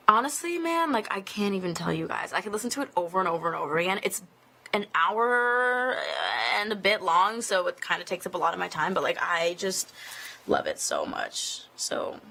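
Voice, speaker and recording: This singer fields fan questions during a relaxed live Q&A in an office building, chatting and rambling with plenty of "like" fillers. Her medium-pitched voice is bright and forceful with vocal fry, captured on a phone streaming live video.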